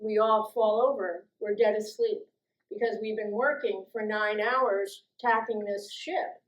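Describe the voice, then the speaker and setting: A middle-aged woman telling a personal story, lively and acting out the voices of the people in it. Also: unhurried, roomy sound, poor audio. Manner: lively, acts out quoted voices with big jumps in pitch and loudness. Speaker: storytelling guest speaker.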